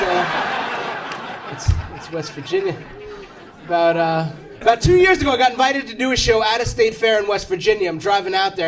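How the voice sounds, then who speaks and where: High-voiced brash stand-up comic. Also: male voice, background noise. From New York. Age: 30s. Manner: brash, self-deprecating punchline delivery. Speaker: stand-up comedian. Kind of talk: stand-up comedy set. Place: comedy club stage. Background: audience laughter.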